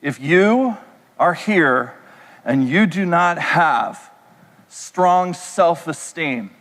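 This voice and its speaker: A pastor delivering a sermon in a conversational way, throwing rhetorical questions at the congregation. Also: male voice, fairly high pitch, lively intonation, extremely slow, a bit bright. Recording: echoey hall reverb.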